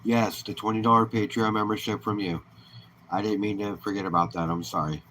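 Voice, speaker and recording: A man's voice: lowish voice, steady tone, a little fast, a bit bright, slight background noise, low-quality recording. A man hosting a live stream, chatting casually and easygoing with viewers and greeting them by name.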